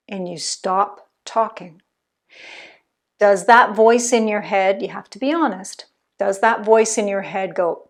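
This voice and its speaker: A woman's voice: mid-range voice, slow. Woman doing a motivational podcast, earnest coachy tone, talking right to you. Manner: earnest, coaching, speaks straight to the listener. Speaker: podcast host.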